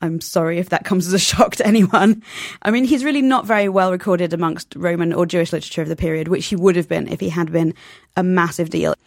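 Woman with a gravelly voice. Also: lowish voice, quick pace, no room sound, clean studio sound. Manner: animated, acts out quoted voices. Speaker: novelist guest. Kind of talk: conversational interview.

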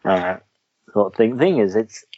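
A man with a very low voice talks casually as a podcast co-host, rambling along with an animated, chatty manner. The sound is somewhat dull and lo-fi. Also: a little slow. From Wales. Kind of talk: casual chat.

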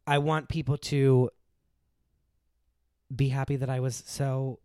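A man from the United States in casual chat, rambling with lots of fillers and lively impressions of his mother. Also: medium pitch, slow, clear, resonant tone, no echo, clean studio sound. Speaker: guest.

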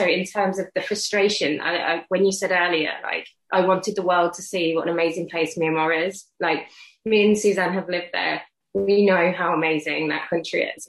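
A woman co-host with a lowish voice talks to her guest, heaping on warm, effusive praise. The recording carries a noticeable roomy echo. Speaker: podcast co-host. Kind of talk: interview conversation.

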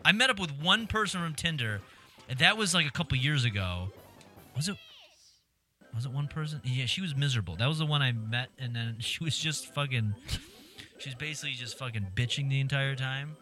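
A man's voice: medium pitch, lively intonation, fairly quick, bright, forceful tone, faint music behind. A man in his thirties chatting casually over a video game, rambling and correcting himself as he tells stories. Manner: rambling, self-correcting storyteller. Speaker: gamer chatting with a friend. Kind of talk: casual chat over gameplay.

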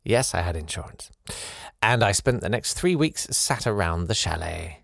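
A man's voice: low-pitched, moderate pace, creaky, dry recording, studio quality. A man hosting a podcast, reading out a listener's letter with playful asides of his own. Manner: animated, playful asides between read passages.

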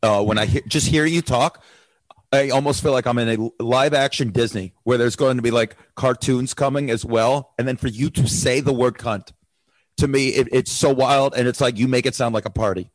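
A man's voice: medium pitch, steady tone, fairly quick, no room sound, low-quality recording. Joking American male comedian. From USA. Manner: chatty, joking. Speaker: comedian, guest. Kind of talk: casual chat.

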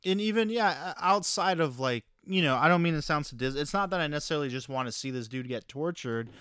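Smooth-voiced man, hesitant and thoughtful. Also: on the high side, lively intonation, quick pace, a bit bright, no room sound, studio quality. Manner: thoughtful, hesitant, many fillers and restarts. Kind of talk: casual chat.

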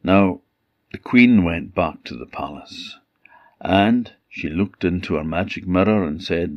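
Low, slow storyteller man. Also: no room sound. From Orkney Islands. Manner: unhurried, emphatic storytelling. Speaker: traditional storyteller. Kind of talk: oral fairytale telling. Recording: dull lo-fi recording.

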